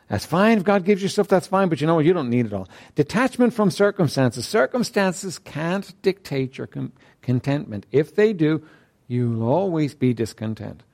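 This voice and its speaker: A man's voice: fairly high pitch, darkish tone. A man preaching a sermon who speaks emphatically, repeats key phrases and keeps asking the congregation "right?". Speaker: pastor.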